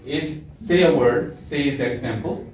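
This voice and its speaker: A man's voice: medium pitch, measured pace, a little mellow, slight background noise. A man teaching an IELTS speaking class, acting out example phrases with changing tone. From Pakistan. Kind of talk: classroom lecture. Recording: very echoey classroom from far off.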